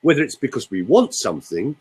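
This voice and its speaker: A man's voice: mid-range voice, very animated, fairly quick, breathy edge, poor audio. An older man, a voice coach explaining and demonstrating voice technique in a theatrical way on a radio show. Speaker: voice coach guest.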